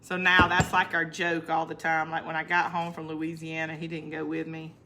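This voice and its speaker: Woman doing a crafting livestream, kinda low voice, chatty and laughy, answers comments as she goes. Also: completely flat delivery, normal speed, sharp tone, a little hiss or hum. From northern United States. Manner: chatty, laughs often, talks back to viewer comments. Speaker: crafting channel host. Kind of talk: casual livestream crafting chat.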